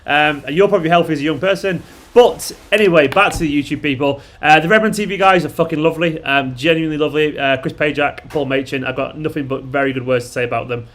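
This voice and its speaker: A man's voice: fairly high pitch, fast, hardly any pauses, fairly bright tone. A man hosting a fan live stream, chatting casually and bluntly, swearing and rambling with lots of fillers. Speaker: fan channel host.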